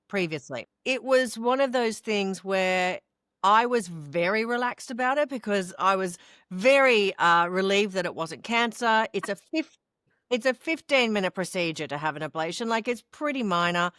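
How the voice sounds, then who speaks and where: A middle-aged Australian woman talks through a personal story in a podcast interview, frank and expressive, slipping into the voices of others she quotes. Her voice sits at an ordinary pitch for a woman. The sound is dry and close, with no room echo. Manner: expressive, acts out quoted voices, laughs while telling. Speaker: interview guest.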